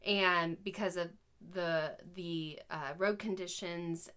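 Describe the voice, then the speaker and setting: A woman's voice: fairly low pitch, fairly even intonation, slow pace, sharp tone, clean tone. A woman in her thirties co-hosting a family podcast, chatting casually, laughing often and talking openly about her feelings. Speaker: podcast co-host. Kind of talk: casual chat.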